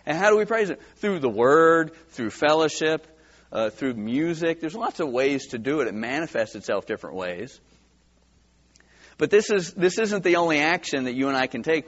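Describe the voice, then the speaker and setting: A man preaching a sermon as pastor, animated, with rhetorical questions and frequent restarts. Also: on the high side, dull audio.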